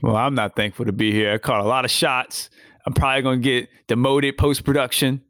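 A man co-hosting a casual wrestling podcast, halting and repeating words as he talks. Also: medium pitch, fairly even intonation, a bit bright, no echo, clean studio sound. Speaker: podcast co-host.

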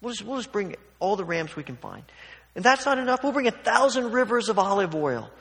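A man voicing a sarcastic, exasperated people talking back to God, his pitch pushed upward. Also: sing-song, a little fast, vocal fry, a bit bright, heavily acted. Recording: long hall reverb.

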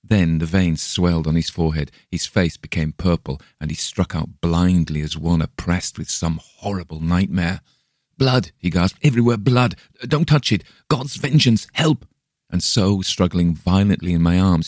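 A man reading a gothic tale aloud in the first person, measured and suspenseful, on a close microphone. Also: low voice, fairly even intonation, a little mellow, dry recording. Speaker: audiobook narrator. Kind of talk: storybook reading.

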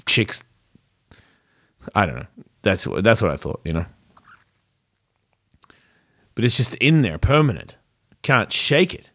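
A man's voice: lowish voice, sing-song, a little fast, creaky, a bit bright. Rambling, profane man telling a story. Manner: rambling, profane, self-reflective, restarts often. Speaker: podcast host. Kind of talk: casual storytelling monologue.

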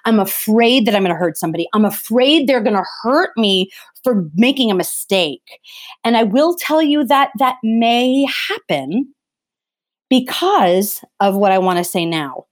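As an interview guest, a woman speaks earnestly and with passion in a fairly high, animated voice at a measured pace. Her delivery is impassioned and emphatic, and she often restarts her sentences in this conversational talk.

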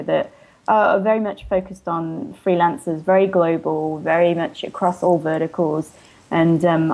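A woman's voice: sits low, creaky, darkish tone, rough recording. A woman with a mixed English and Australian accent, chatting as an interview guest and startup co-founder, talking in a self-deprecating way with frequent "um"s. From England, raised in Australia. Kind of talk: conversational interview.

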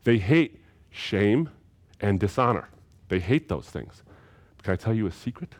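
A man delivers a recorded seminary lecture in a fairly low voice. He talks emphatically, and he often repeats a phrase to drive the point home. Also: sing-song, measured pace.

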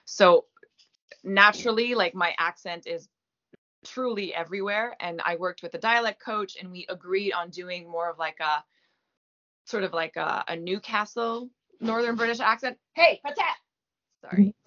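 Bright, chatty French Canadian woman. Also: medium pitch, moderate pace, lo-fi sound. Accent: light French Canadian. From Gaspé, eastern Quebec, Canada. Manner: chatty, self-deprecating, many fillers. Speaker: actress guest. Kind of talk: casual interview chat.

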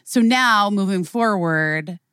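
A woman's voice: mid-range voice, slow, fairly bright tone, clean tone, no echo, studio quality. A woman from Chicago hosting a casual podcast chat, telling stories animatedly with lots of "like" fillers and the odd swear. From Chicago, USA. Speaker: podcast host.

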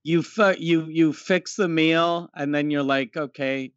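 A man chatting casually with a friend on a podcast, swearing in a wry, laid-back way. His voice sits slightly high, and the recording is muffled and dry. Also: fairly even intonation, measured pace, smooth, dry recording. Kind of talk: casual chat.

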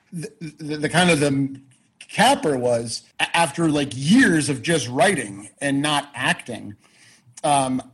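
As a podcast guest, a man with a slightly husky, medium-pitched voice tells a long personal story in casual storytelling chat. He's animated and loose, swears freely, and often restarts sentences. The recording is rough.

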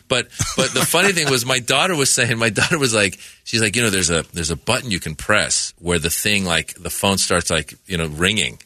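Animated man telling a story in a bright voice. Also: fairly low pitch, brisk, few pauses, no echo. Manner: animated storyteller who acts out the people in his stories. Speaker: comedian guest. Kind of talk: casual studio chat, telling a story. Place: radio studio. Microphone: studio microphone.

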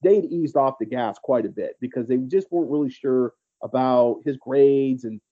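A man's voice: mid-range voice, normal speed, muffled recording. Rambling male sports podcast co-host. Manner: rambling, storytelling, teasing. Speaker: podcast co-host, recruiting analyst. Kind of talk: casual sports podcast chat.

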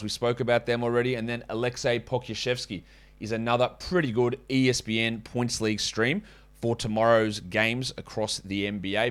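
A man talks casually through his podcast. He jumps into quick asides and corrects himself on the fly. His pitch sits mid-range for a man. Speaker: fantasy basketball podcast host. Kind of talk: casual podcast talk with ad reads.

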